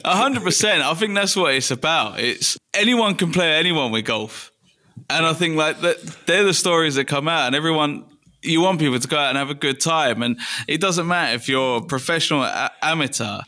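A man, a guest on a podcast, talking in a relaxed, chatty way with frequent restarts. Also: a little high, a little fast. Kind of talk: casual interview chat.

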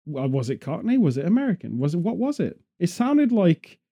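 A man's voice: high voice, big pitch swings, brisk, warm tone, breathy edge. A man chatting casually outdoors in a field, rambling off on jokey tangents. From England. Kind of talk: casual chat.

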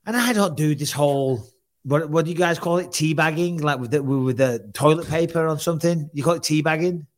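A man with a voice on the high side talks fairly quickly while co-hosting a podcast. In casual chat he tells a story, swearing often and animatedly acting out other people's lines in their voices.

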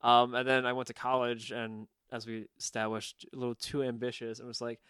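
Laughing guest with a smooth, bright voice. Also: male voice, medium pitch, little pitch movement, fairly quick, no echo, clean studio sound. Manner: laughs easily, supportive. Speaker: podcast guest. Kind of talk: casual chat.

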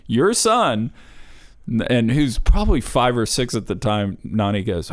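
A man's voice: on the low side, expressive, moderate pace. A middle-aged man hosting a casual talk with his father, telling family stories in a chatty way. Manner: chatty storyteller, laughs while telling stories. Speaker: podcast host interviewing his father.

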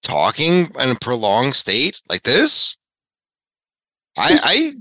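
A man chatting as a podcast guest, excitable, jumpy and self-mocking. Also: mid-range voice, slow pace, no room sound. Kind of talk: casual chat. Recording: dull lo-fi audio.

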